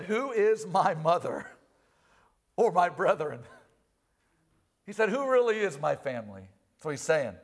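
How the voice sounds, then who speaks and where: A man preaching to his congregation in a notably high voice. He reads scripture, then explains it with animated energy. He climbs loud for emphasis and drops low and quiet for quoted voices. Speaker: pastor. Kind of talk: sermon. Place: church.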